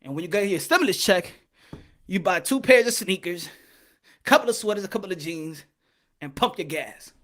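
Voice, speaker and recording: A man doing boxing commentary as a loud, profane, animated casual rant, laughing often. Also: high-pitched, moderate pace, pauses often.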